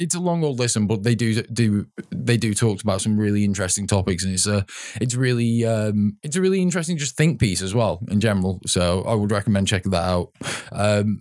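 Casting: low-pitched British guy, stuffy-nosed, rambling podcast co-host, dry close mic. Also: a little mellow, dry recording. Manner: rambling, many restarts and fillers, casual swearing. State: bunged up and sneezy. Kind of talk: casual podcast chat.

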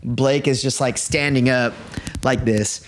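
Sitting in a living room as a podcast guest, a man chats casually and rambles through a story, saying "like" constantly. His mid-range voice keeps a fairly even intonation and an unhurried pace.

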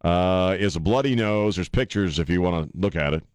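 Deep-voiced radio guy rambling on air, lots of uhs, dry close studio mic. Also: a little fast, darkish tone, no room sound. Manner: loose and rambling, lots of uh fillers and self-mocking jokes. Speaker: radio talk show host. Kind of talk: casual talk radio chat. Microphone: studio microphone.

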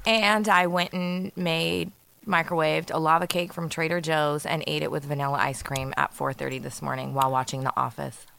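A woman in her thirties co-hosting a podcast, telling stories in casual, profane, animated chat. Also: sits low, normal speed, vocal fry, a little hiss or hum. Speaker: podcast co-host. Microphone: studio mic.

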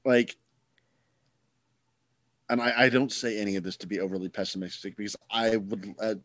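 A man's voice: fairly low pitch, fairly even intonation, normal speed, fairly bright tone, no echo. A man co-hosting a podcast in casual chat, rambling and starting over often, with a gloomy outlook. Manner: rambling, self-interrupting, gloomy. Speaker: podcast co-host.

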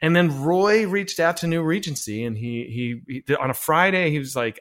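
A filmmaker telling a long story in a casual interview, full of fillers and restarts, acting out bits of dialogue. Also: male voice, fairly high pitch, normal speed, hardly any pauses. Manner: animated anecdote-telling with many fillers and restarts; acts out quoted dialogue. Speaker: filmmaker guest.

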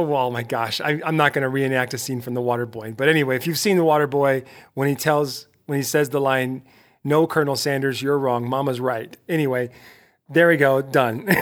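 A middle-aged man hosting his own podcast, giving a lively motivational talk straight to his listeners, full of rhetorical questions and self-interruptions. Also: fairly high pitch. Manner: self-interrupting, laughs at himself. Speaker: podcast host.

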